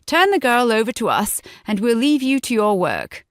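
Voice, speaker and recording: A woman's voice: fairly high pitch, very animated, normal speed, no echo, clean studio sound, voice pushed up. A woman voicing a scrawny, arrogant English guard who barks orders in an English accent. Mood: commanding. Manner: haughty, ordering.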